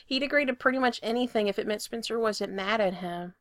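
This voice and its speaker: A woman narrating a story with a lively, expressive delivery that swells when the action heats up. Her voice is bright and a little high, and the recording is dry and close, with no room sound. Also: brisk, no echo. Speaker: reader.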